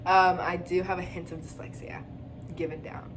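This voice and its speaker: A woman's voice: on the low side, flat delivery, moderate pace. Giggly young woman rambling about faith. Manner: rambling, giggly, lots of fillers. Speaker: podcast co-host. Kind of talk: casual faith chat. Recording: faint background noise.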